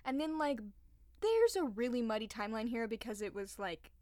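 A woman's voice: on the high side, big pitch swings, moderate pace, dark tone, dry recording. Chatty young woman telling a story. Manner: chatty, lots of "like", acts out quotes. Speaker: podcast co-host. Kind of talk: casual storytelling chat.

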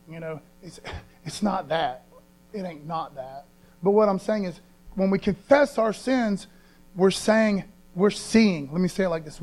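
A man's voice: high-pitched, darkish tone, low-quality recording. A man preaching a sermon as pastor, in a folksy, conversational way, reading scripture with emphasis.

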